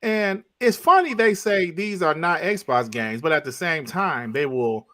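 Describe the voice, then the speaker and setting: Bright, animated man ranting. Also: a little high, unhurried. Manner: animated ranting with repeated punchlines. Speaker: podcast panelist. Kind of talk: casual podcast chat.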